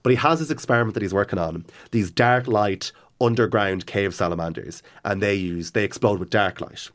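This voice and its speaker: A man with a fairly low voice talks through a favourite novel in a relaxed chat. He gets carried away, circling back and restarting his sentences as he goes. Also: brisk. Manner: enthusiastic, rambling retelling with many restarts. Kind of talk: casual chat about books.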